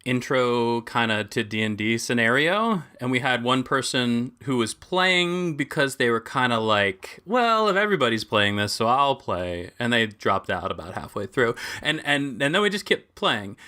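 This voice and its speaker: Bright-voiced, rambling male co-host. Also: medium pitch, animated, moderate pace, hardly any pauses. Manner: rambling, laughs often. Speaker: podcast co-host. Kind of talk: casual chat.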